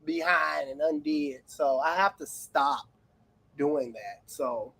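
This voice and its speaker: A middle-aged man who runs an auto repair shop, chatting on a livestream as an animated, rambling storyteller with playful exclamations. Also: a little high, slow pace, creaky, husky, no echo, poor audio. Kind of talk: casual livestream chat.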